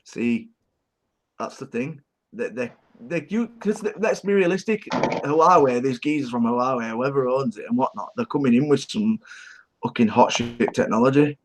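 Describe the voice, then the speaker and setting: An English man co-hosts a casual vaping livestream, bantering, teasing, swearing and laughing a lot. His voice is medium-pitched at normal speed, with a little hiss or hum on the recording.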